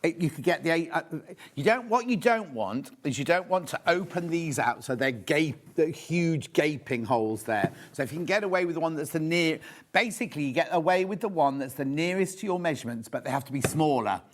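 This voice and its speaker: A man's voice: a little high, expressive, fairly quick. Chatty rambling man. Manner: chatty, rambling, self-deprecating. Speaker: shopping channel presenter. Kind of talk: live shopping show chat.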